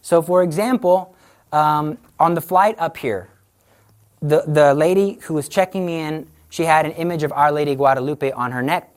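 Low-voiced woman giving a lively faith talk. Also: normal speed. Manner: animated storytelling, acts out quoted voices. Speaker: Catholic speaker on the rosary. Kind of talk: conversational religious talk to an audience.

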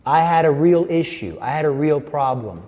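Guy sharing his faith story, kinda high voice, earnest and vivid, big echoey hall. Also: animated, normal speed, a little mellow. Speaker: speaker giving a personal faith testimony. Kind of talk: personal testimony talk.

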